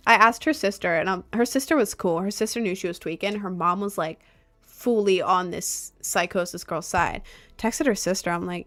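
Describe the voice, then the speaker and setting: A young woman in casual storytime chat, animated and exasperated, sometimes slipping into mock voices of others. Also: mid-range voice. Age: young adult. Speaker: vlogger.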